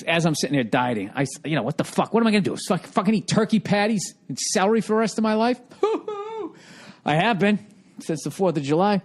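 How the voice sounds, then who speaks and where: A middle-aged man talking casually on his own podcast, his voice sitting a touch higher than most men's. He swears freely, wanders off on tangents, and sounds exasperated and sarcastic about everyday annoyances. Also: big pitch swings, fast talker. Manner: profane, rambling storyteller. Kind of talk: casual comedic monologue.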